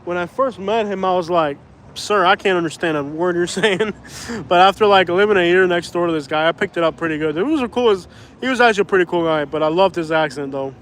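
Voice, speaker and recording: A man's voice: sits high, fast, slight background noise. A man chatting casually on a livestream, rambling and laughing as he talks. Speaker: vlogger, livestream host.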